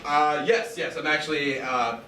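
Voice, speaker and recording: A man performing improvised comic scenes, playful, sometimes swooping into squeaky tones. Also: moderate pace. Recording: echoey room, distant mic, steady noise.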